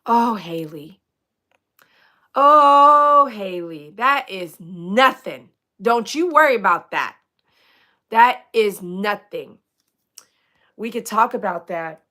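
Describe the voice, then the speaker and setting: A woman with a drawl hosts a casual livestream, reading viewer comments aloud and rambling off into jokes and asides. Her voice is bright and forward, at an ordinary pitch for a woman. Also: expressive, slow, pauses often. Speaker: dog groomer hosting a livestream.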